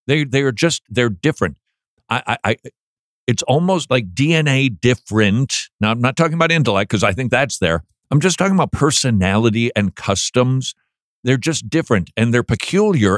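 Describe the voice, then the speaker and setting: A man hosting a podcast in casual chat, animated and joking, now and then mocking a flat monotone reading. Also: lowish voice, no echo, studio quality. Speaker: podcast host.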